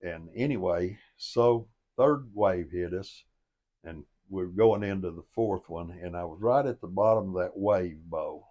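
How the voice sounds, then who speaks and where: A deep-voiced older man tells a story from his own life in a plain, folksy way. He sounds earnest and down to earth, and he builds each point toward a motivational lesson. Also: unhurried, mellow, highs cut off.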